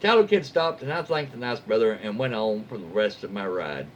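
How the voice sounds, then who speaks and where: A man's voice: lowish voice, expressive, a little fast, muffled recording, slight background noise. A man reading Reddit stories aloud as a YouTube host, casually breaking off for folksy, wry asides and jokes he censors himself. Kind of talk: casual story reading with commentary.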